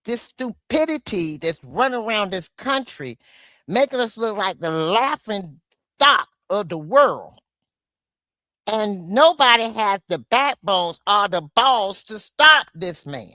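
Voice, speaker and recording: A woman livestreaming an angry political rant, blunt and swearing, with a slow, deliberate delivery. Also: medium pitch, lively intonation, sharp tone, no echo, studio quality.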